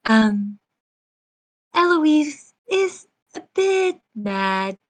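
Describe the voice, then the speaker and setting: A woman voicing a gentle young female cook who speaks softly to reassure a child. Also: sits high, very animated, very slow, heavily acted. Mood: reassuring.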